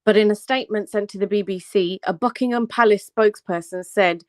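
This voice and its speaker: A woman's voice: mid-range voice, fairly quick, dry recording. Brummie woman reading aloud on a live stream. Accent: Birmingham. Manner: reads aloud with slips and self-corrections. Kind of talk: casual panel chat, reading an article aloud.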